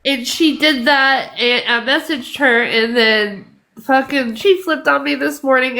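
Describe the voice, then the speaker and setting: A woman's voice: high-pitched, vocal fry, pushed and bright. A crying woman on a livestream, speaking shakily and apologetically. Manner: shaky, apologetic, halting. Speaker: livestream guest.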